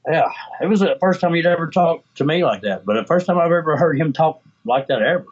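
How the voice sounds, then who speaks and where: A man's voice: fairly high pitch, expressive, fairly quick, breathy edge. A man, talking in a rambling, emotional way as an interview guest. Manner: rambling, emotional, many restarts. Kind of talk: casual interview conversation. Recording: slightly dull lo-fi audio.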